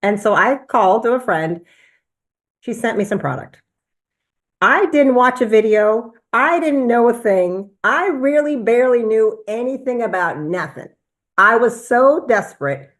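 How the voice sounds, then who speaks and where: A woman physician giving an animated personal testimonial at a business presentation. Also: fairly high pitch, a little slow. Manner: animated storytelling, acts out quoted voices.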